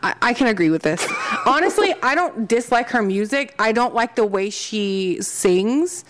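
A woman's voice: a little high, lively intonation, moderate pace, slight background noise. A young adult woman co-hosting a podcast, chatting casually in a blunt, jokey, profane way. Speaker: podcast co-host. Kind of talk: casual chat.

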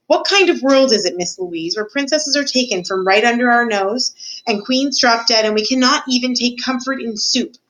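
A woman's voice: normal speed, a bit bright, close to an everyday voice, low-quality recording. A woman voicing a fierce, mouse-hating castle cook who shrieks and sobs, in a storybook reading. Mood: lamenting. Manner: shrill, sobbing outbursts.

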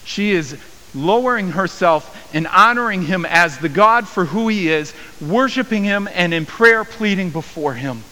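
A man preaching a sermon as a pastor, acting out the voices of the people in his story with rising pitch and volume. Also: animated, measured pace, pushed and bright. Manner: acts out quoted voices with raised pitch and volume. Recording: long hall reverb with faint hiss.

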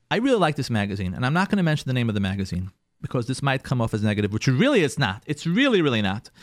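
Rabbi type, male, animated advice talk, high-ish, very lively pitch, dry close sound. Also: no room sound. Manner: animated, acts out spouses' complaints in quoted voices. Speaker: rabbi and marriage advisor. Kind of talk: radio-style advice talk.

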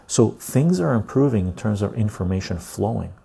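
A low-pitched man with a dark, rough, fry-edged voice hosts a casual talk show. He tells stories and rants bluntly, often tagging his points with "right?". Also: expressive, normal speed. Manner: blunt, ranting, loose storytelling with frequent "right?". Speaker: podcast host.

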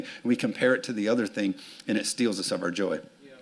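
A man's voice: fairly low pitch, fast talker, creaky, slightly rough. A man preaching a sermon as pastor, telling stories, acting out voices and asking the congregation for amens. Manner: storytelling, acts out voices, asks for amens. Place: church sanctuary with congregation.

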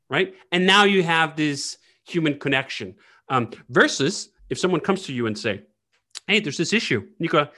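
A man talking as an interview guest in casual conversation, animated and blunt, swearing freely. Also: on the high side, moderate pace.

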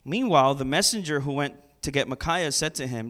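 A man preaching a sermon in an animated, conversational way, with sarcastic asides and repeated words. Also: fairly high pitch, a little fast.

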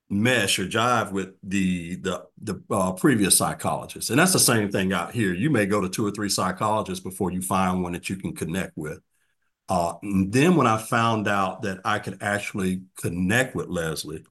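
Soft-spoken older man, earnest storytelling. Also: low-pitched. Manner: earnest and reflective, often drops to a soft, quiet voice. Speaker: guest, formerly incarcerated man. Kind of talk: candid interview storytelling.

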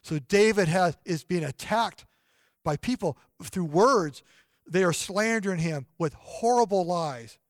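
A man's voice: high voice, expressive, measured pace, no echo, clean studio sound. Earnest male pastor preaching. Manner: earnest, drops to a soft hushed voice for personal stories. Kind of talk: sermon.

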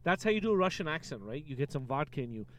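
Animated man joking about sports. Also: fairly high pitch, very fast. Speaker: podcast co-host. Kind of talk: casual sports banter.

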